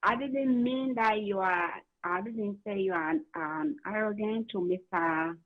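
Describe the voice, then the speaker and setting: A woman's voice: mid-range voice, lively intonation, measured pace. Hesitant woman calling in by phone. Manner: apologetic, hesitant. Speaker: caller. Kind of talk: phone-in to radio show. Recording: muffled phone line.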